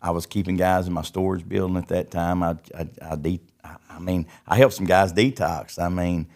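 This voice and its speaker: A man's voice: sits low, steady tone, normal speed, darkish tone. A middle-aged man, a podcast guest telling his life story in a folksy way and often repeating words. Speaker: podcast guest, recovery ministry founder. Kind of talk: casual testimony storytelling.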